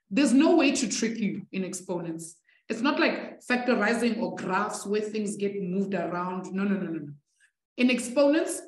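A woman's voice: medium pitch, darkish tone. Chatty woman teacher in an echoey room. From South Africa. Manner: chatty, encouraging, laughs with students. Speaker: maths teacher. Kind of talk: live online maths class.

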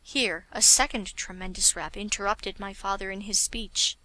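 Bright-voiced woman reading an audiobook. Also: medium pitch, fairly even intonation, moderate pace. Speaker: audiobook narrator. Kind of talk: scripted audiobook narration.

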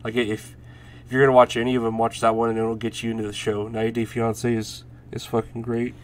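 A man's voice: medium pitch, completely flat delivery, quick pace. A man in his thirties hosting a podcast alone, rambling through stories with lots of swearing and laughs. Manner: rambling, profane, laughs while telling stories. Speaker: podcast host. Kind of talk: casual solo chat.

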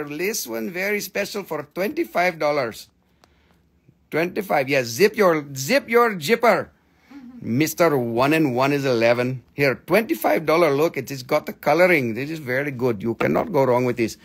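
A man selling crystals on a live stream, rattling off prices and teasing viewers in a playful, joking way that jumps from loud to mumbled. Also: a little high, expressive, normal speed, gravelly. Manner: playful, joking, swings between loud teasing and quiet muttering. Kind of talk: live sales stream patter.

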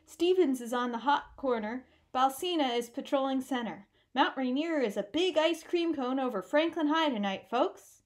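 A woman's voice: sits high, lively intonation. A woman doing a nasal old-time baseball radio announcer. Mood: excited. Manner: brisk play-by-play patter.

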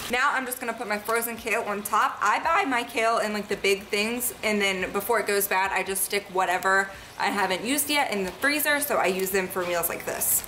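A woman's voice: mid-range voice, a little fast, few pauses, sharp tone, a little hiss or hum. A woman talking viewers through a recipe step by step in her home kitchen, in a casual, chatty way. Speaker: cooking vlogger. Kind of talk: casual cook-along narration.

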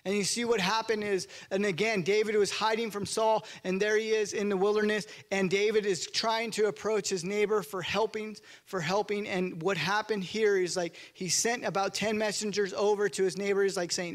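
A man's voice: sits high, normal speed. A male pastor preaching a sermon in church, telling the story conversationally and acting out the quotes.

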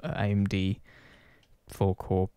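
A man's voice: low-pitched, monotone, slow pace, mellow, clear, resonant tone, dry recording. A man chatting casually to his channel's viewers, rambling and self-deprecating, swearing offhand. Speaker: gaming channel host. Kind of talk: casual chat to camera.

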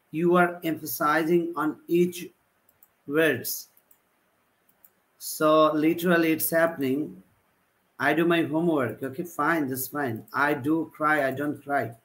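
Man, online lesson, slow halting delivery, repetitive examples, somewhat high pitch. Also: a bit bright, low-quality recording. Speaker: English teacher. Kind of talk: live online typing class.

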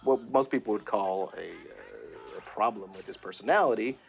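Animated, laughing male voice actor. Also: lowish voice, moderate pace, gravelly, faint music behind. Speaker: voice actor guest. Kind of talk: casual interview.

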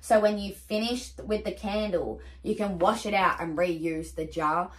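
A woman's voice: mid-range voice, measured pace. Gushing young woman vlogging. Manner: gushing, chatty, swears casually. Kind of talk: casual haul vlog chat.

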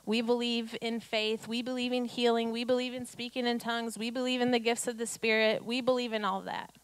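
A woman's voice: fairly high pitch, little pitch movement, fairly quick, smooth, no echo. A woman pastor delivering a conversational sermon, reading scripture and building to emphatic declarations.

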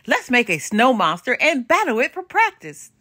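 A woman's voice: huge pitch swings, normal speed, no room sound, clean studio sound, exaggerated voice. A woman putting on a bold young princess heroine. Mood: eager. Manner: high-pitched and emphatic, shouting orders. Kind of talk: storybook read-aloud character voice.

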